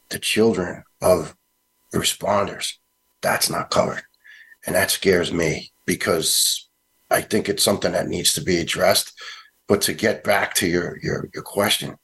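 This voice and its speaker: A middle-aged man with a New York accent and a very low, gravelly, husky voice. He talks in an earnest, halting way, often stopping to restart his sentences. He speaks as a retired fire lieutenant giving an interview. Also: a bit bright. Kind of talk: interview answer, personal account.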